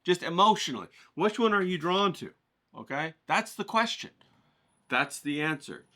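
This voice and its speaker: Bright-voiced man coaching an art lesson. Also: normal speed. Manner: coaching, checks in often with "okay?"; animated, rises in pitch when excited. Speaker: art teacher.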